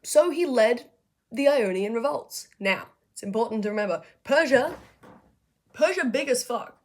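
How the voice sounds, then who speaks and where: A woman's voice: fairly high pitch, expressive. A young woman casually retelling history in a slangy, profane, chatty way, hosting a video essay. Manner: profane, chatty, acts out figures in quick asides.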